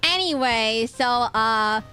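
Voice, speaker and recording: A woman streamer chatting casually while playing a game, rambling through an animated retelling with frequent restarts and self-corrections. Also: on the high side, slow pace, faint music behind.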